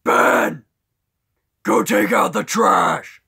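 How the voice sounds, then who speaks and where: A man playing a bossy masked father who yells commands at his son in a high, strained voice. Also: very slow, vocal fry, breathy edge, heavily acted.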